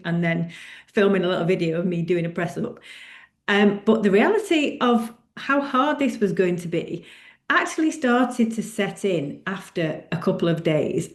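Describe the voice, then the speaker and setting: A woman's voice: mid-range voice, darkish tone, reverberant. A middle-aged woman coach talking candidly and reflectively on a coaching call, often laughing. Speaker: running club coach.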